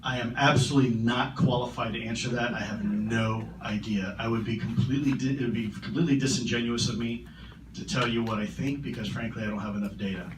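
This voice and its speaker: A man answering audience questions at a conference, earnest and measured, often repeating his words. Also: mid-range voice, steady tone. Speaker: conference keynote speaker. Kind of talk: public Q&A answers. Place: large conference hall. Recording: roomy hall, distant mic, noisy.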